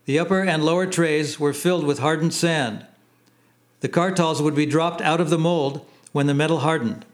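A man reading his memoir aloud in plain, unhurried storytelling. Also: a little high, steady tone. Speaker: narrator. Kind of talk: memoir audiobook narration.

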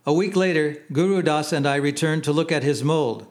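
A man reading his memoir aloud in plain, unhurried storytelling. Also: on the high side. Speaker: narrator. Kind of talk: memoir audiobook narration.

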